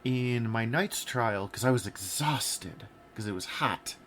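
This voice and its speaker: A man co-hosting a podcast, candidly telling personal stories in a relaxed conversational way. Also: medium pitch, slow, slight background noise. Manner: candid, storytelling, laid-back. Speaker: podcast co-host. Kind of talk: casual podcast discussion.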